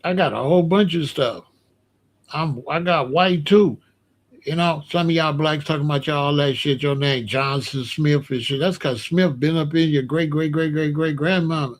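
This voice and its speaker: A man's voice: fairly high pitch, normal speed. Blunt, profane ranting man. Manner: blunt, profane, repetitive, dismissive. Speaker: commentator reacting to comments. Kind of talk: casual ranting commentary.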